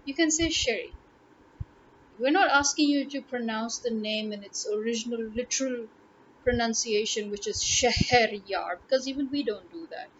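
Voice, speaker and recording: A woman's voice: a little high, a little fast, muffled recording, slight background noise. A woman language tutor talking casually to camera in an emphatic way, repeating words to drive her points home.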